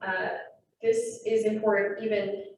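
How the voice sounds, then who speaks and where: A young adult woman giving a quick, chatty training talk to a room of trainees. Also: medium pitch, level tone, darkish tone. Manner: quick, chatty, self-aware. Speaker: naturalist training presenter. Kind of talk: classroom presentation to trainees. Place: meeting room with live and online audience. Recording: echoey room, mic far off, faint noise.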